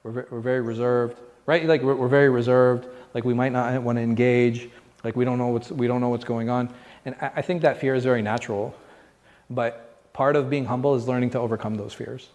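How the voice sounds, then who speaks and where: A man's voice: mid-range voice, steady tone, a little fast, darkish tone. Male imam giving a chatty class, keeps tossing questions at the room, long hall reverb. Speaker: imam and teacher. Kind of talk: conversational religious class.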